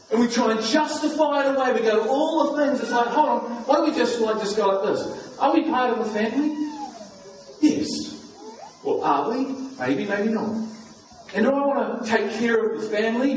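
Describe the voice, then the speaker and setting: High-voiced man preaching in an echoey hall. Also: slight background noise. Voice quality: emphatic, full of rhetorical questions. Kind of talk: sermon. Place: church hall. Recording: echoey hall, miked from far off.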